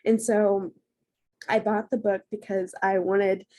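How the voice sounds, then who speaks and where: A woman speaks earnestly about a hard stretch in her life, her voice sitting at an ordinary middle pitch. She gets emotional and laughs softly through it, then steadies herself and carries on. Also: little pitch movement, slow pace. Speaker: guest speaker on a team call. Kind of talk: personal testimony.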